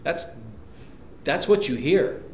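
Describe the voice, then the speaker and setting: A man's voice: lively intonation, slow pace, a little hiss or hum. Emphatic preaching man in echoey church. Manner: emphatic preaching, sudden pitch jumps and repetitions. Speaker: pastor. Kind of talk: sermon. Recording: echoey church room, dull lo-fi sound.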